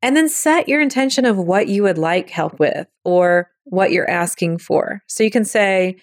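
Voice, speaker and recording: A woman's voice: medium pitch, animated, moderate pace, no room sound. Chatty woman, dry close sound. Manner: chatty, acts out quoted thoughts in little voices. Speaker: podcast host. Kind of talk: casual spiritual teaching talk.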